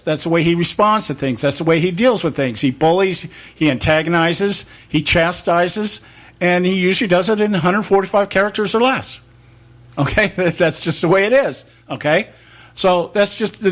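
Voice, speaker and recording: Male political talk host, slightly high-pitched, rambling and opinionated, heavy on rhetorical questions. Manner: rambling, rhetorical questions, acts out quick back-and-forth exchanges.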